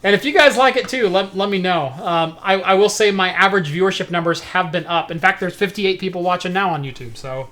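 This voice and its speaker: A man hosting a loose, chatty tech show. His voice is high and bright, with a faint hum of noise behind it. He talks easily and often restarts his sentences. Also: brisk, few pauses. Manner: relaxed, easygoing, stumbles into restarts. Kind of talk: casual chat.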